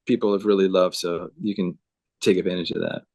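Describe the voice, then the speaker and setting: A man's voice: sits low, fairly even intonation, fairly quick, a little mellow. A man speaking earnestly on a video call, telling a story with emphasis and acting out the dialogue. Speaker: guest speaker.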